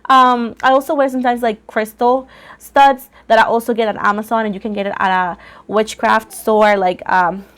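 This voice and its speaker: A woman casually chatting to viewers as the host of a tarot channel, rambling and often repeating herself, her voice a little rough from coughing. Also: fairly high pitch, steady tone, normal speed, a bit bright.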